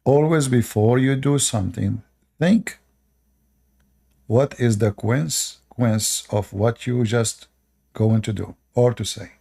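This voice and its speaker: Gravelly-voiced Arabic-accented man lecturing. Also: mid-range voice, slow pace, warm tone. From Middle East. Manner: lecturing, repeats short commands, broken grammar. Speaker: live stream host. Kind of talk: casual live stream monologue.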